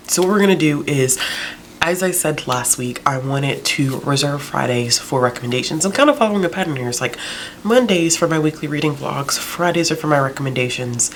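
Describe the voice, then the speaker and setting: A woman's voice: extremely low pitch, a little hiss or hum. A woman book vlogger chatting casually, out of breath, with joking, rambling asides. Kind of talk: casual recommendation vlog.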